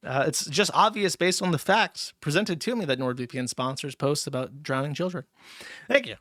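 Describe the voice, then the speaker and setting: Male host, mocking profane ranter, slightly high pitch, dry close recording. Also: moderate pace, fairly bright tone, dry recording. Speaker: livestream host reading donations. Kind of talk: casual livestream rant.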